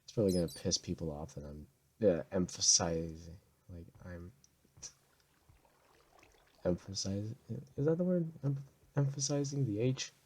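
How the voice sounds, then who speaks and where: A tired young man rambling deadpan through casual gameplay commentary, with sudden loud outbursts. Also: sits low, normal speed, long pauses, slightly rough.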